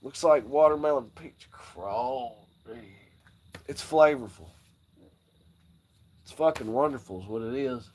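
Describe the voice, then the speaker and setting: A man chats on a livestream, spinning profane, wandering stories about trucks and home. His voice sits at an ordinary mid pitch, and he breaks off into laughs often. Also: slow pace, long pauses. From Southern United States. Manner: crude, rambling storytelling with frequent laughs. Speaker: livestream host. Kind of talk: casual chat.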